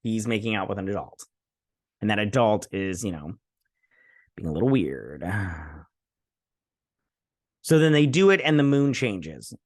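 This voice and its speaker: A man's voice: lowish voice, big pitch swings, measured pace, pauses often, no room sound, studio quality. Offhand man rambling through a recap. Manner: rambling, offhand, many fillers and asides. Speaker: host. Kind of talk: casual episode recap and review.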